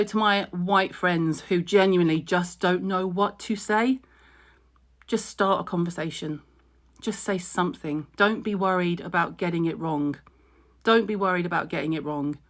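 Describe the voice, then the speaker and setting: A woman's voice: on the low side, a bit bright. A middle-aged woman talks straight to her followers in a vlog. She is tearful and emotional, yet blunt and outspoken, and swears without a second thought. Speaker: skincare blogger. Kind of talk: direct-to-camera vlog update.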